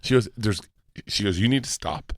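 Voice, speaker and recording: A man telling a story as a guest on a talk show, excitable and swearing, acting out the dialogue. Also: lowish voice, normal speed, no echo, studio quality. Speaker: guest comedian. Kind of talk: animated storytelling.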